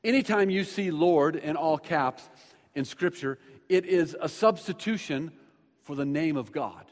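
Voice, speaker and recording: High-voiced man preaching in a reverberant hall. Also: measured pace. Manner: animated, repeats words when excited, jokes aside. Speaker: pastor. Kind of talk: sermon. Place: church sanctuary with screens.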